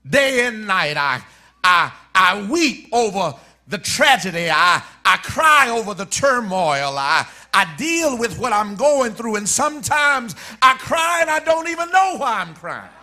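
A man preaching a sermon, emphatic and repetitive, shifting between quiet lines and shouted ones. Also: high-pitched, big pitch swings, measured pace, few pauses.

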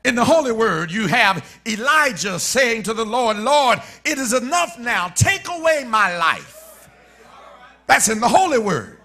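A man preaching a sermon, emphatic and repetitive, shifting between quiet lines and shouted ones. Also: extremely high pitch, very animated, measured pace, faint music behind.

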